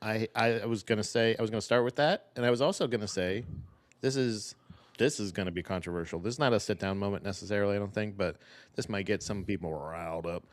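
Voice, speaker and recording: A young man co-hosting a podcast, with a voice that sits a little low. He tells stories animatedly, slipping into acted-out quotes and casual swearing. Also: fast. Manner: animated storyteller, acts out quotes, profane. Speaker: podcast co-host. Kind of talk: casual chat.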